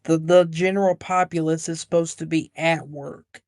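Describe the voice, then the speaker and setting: An opinionated man from the United States talks on a podcast, swearing casually. His voice is fairly high and recorded dry, with no room around it. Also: fairly even intonation, moderate pace, a little mellow, no room sound. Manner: opinionated, profane, offhand. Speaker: podcast co-host. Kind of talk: casual chat.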